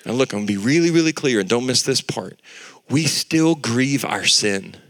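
A man in his thirties preaching a sermon, telling a family story with lively acted-out voices. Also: mid-range voice, normal speed. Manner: animated storytelling, acting out voices. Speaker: pastor.

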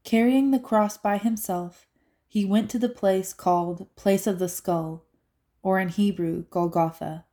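A woman reading scripture aloud in a medium-pitched voice. Her delivery is steady and clear. She keeps an even, narrating pace. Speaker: scripture reader.

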